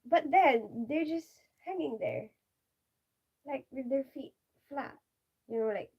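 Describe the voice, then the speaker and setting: A giggly woman talks casually on her live stream, rambling with "like" and "you know" between laughs. Her voice sits high and swings widely in pitch. She takes her time, speaking at an unhurried pace. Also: animated, a little mellow, highs cut off. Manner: giggly, keeps bursting into laughter.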